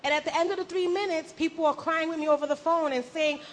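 High-voiced woman sharing a lively testimony. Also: fast, a little hiss or hum. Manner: animated, acts out her own past words, laughs at herself. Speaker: church member giving testimony. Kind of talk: personal faith testimony. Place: church gathering.

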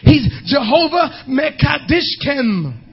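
A male pastor preaching a sermon, emphatic, often shouting and half-singing his lines. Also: very high voice, very animated, slow pace, vocal fry, highs cut off.

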